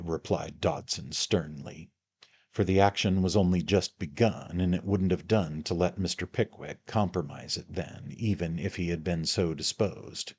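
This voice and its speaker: Husky male audiobook narrator. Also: low voice, a little slow. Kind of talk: classic novel narration.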